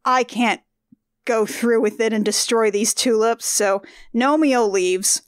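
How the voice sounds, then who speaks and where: A woman talks through a movie plot in loose, rambling podcast chat. Her voice sits a touch high, and it comes across close and dry with no room sound. She trips over her words, flusters, and slips in little laughing asides. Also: takes it slowly, no echo. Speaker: podcast co-host. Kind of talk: casual movie recap chat.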